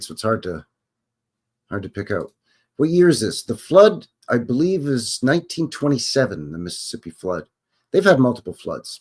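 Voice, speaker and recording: A man hosting a show, talking casually and thinking aloud about an old song he plays. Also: medium pitch. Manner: musing, thinking aloud with restarts. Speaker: host.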